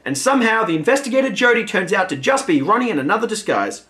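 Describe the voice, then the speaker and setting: Guy doing a film review, talks fast and kinda high, bouncy voice, faint music behind. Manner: animated, wry, quick delivery. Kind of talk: scripted review narration.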